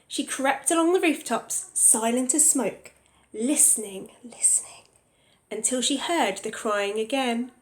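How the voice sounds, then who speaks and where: Expressive woman reading a storybook aloud. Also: sits high, a little slow, few pauses, roomy sound. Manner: expressive, stops to ask the children questions. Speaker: teacher reading to a class. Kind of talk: storybook read-aloud for young children.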